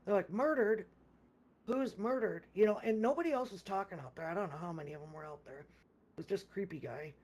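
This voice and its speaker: Casual gamer storyteller, mid pitch, rambling, stop-start delivery. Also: fast, darkish tone. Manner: rambling, with many restarts and repeated words; acts out others' lines in quoted speech. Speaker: gamer recounting a game session.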